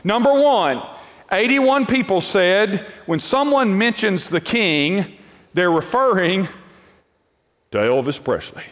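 A man's voice: high voice, lively intonation, slow pace, fairly bright tone. A male pastor preaching a sermon, emphatic and repetitive, often restarting his sentences. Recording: long hall reverb.

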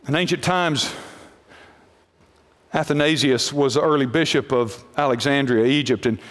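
A man's voice: a little high, in a large hall. A man preaching a sermon, telling a Bible story with animation and acting out the characters' lines.

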